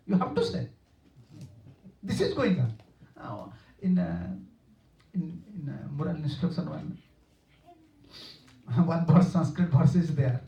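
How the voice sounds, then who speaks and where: A man giving a sermon to devotees, telling stories and chuckling, often halting to search for words and restarting his sentences. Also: on the high side, lively intonation, vocal fry, warm tone. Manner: storytelling with chuckles. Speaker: monk preaching to devotees. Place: lecture room. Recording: roomy, distant and dull-sounding room recording.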